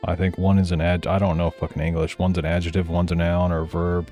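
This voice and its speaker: Low, mellow-voiced streamer rambling. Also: male voice, little pitch movement, fast talker, soft background music. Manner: rambling, profane, mumbling asides. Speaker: streamer commentating. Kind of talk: casual live-stream commentary.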